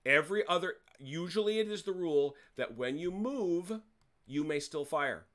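Slightly high-voiced man explaining game rules. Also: lively intonation, moderate pace, fairly bright tone. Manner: chatty, self-correcting, wry jokes. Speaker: wargame host explaining rules. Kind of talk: casual rules explanation to players.

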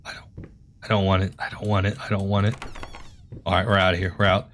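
A man's voice: low voice, completely flat delivery, quick pace, a bit bright, a little hiss or hum. Guy streaming a horror game, cracks jokes, swears a lot, jumpy. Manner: jumpy, swears, jokes nervously, yelps at scares. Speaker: gaming video host. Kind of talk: let's play commentary.

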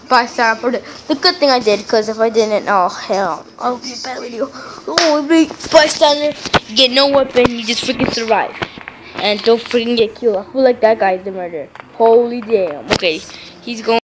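A woman giving excitable gameplay commentary, often yelling and shrieking at the game. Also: fairly high pitch. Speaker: gaming video creator. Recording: noisy recording with mouse clicks.

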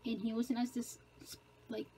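A young woman vlogging casually, rambling in a self-conscious way and often dropping to a hushed voice, filmed on a handheld phone out at a beach, in a car and at a gym. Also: a little high, completely flat delivery, unhurried, slight background noise, rough recording. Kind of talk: casual vlog chat.

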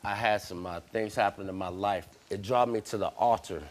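A middle-aged man, a talk show guest speaking in halting, rambling bursts that repeat words. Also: fairly low pitch, steady tone, a little hiss or hum.

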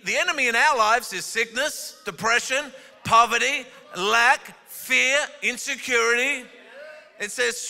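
Bright-voiced male preacher in a reverberant hall. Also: very high-pitched. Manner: calls the congregation up and has them repeat words; jokey asides, then forceful emphatic preaching. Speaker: guest pastor. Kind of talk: energetic sermon. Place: church auditorium. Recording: long reverb of a large church hall.

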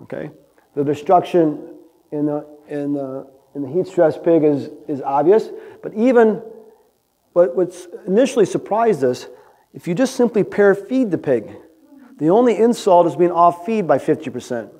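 A man's voice: on the high side, lively intonation, moderate pace, mellow. A man presenting research as a conference lecture, talking conversationally to a room and checking in with the audience often. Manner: conversational, asks "right?" often. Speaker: animal science researcher presenting.

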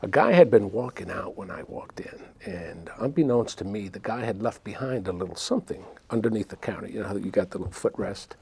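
Gravelly older New man. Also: on the low side, fairly quick, few pauses. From New York City. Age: 60s. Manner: animated storyteller who acts out voices. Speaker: guest. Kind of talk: telling a childhood anecdote.

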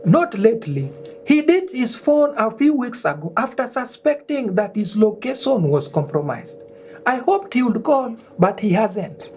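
A woman's voice: fairly high pitch, big pitch swings, a little slow, darkish tone, slight background noise. A woman playing an impatient young female student who speaks curtly. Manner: curt, impatient. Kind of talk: TV drama acting.

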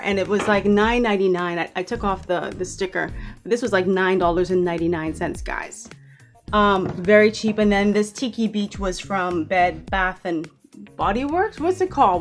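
A woman from the Bahamas giving a casual, chatty tour of her bedroom, often stopping to correct herself and teasing playfully. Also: medium pitch. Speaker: vlogger. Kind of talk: casual room tour vlog.

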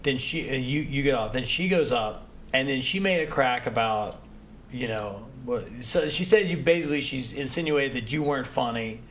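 A young man hosting a podcast, talking in a relaxed, rambling way and laughing often. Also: mid-range voice, normal speed, slight background noise. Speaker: podcast host. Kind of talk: casual chat.

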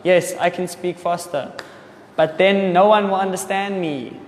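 A young man, an English teacher, answering viewer comments in deliberately slow, simple speech for learners. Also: high-pitched, fairly even intonation. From South Africa. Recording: echoey room with long reverb.

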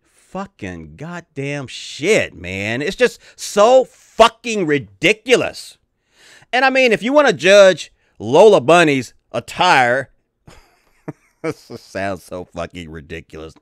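A man's voice: a little high, big pitch swings, takes it slowly, no room sound, clean studio sound. A middle-aged man hosting his own channel, ranting angrily with lots of cursing in a profane commentary. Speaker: channel host.

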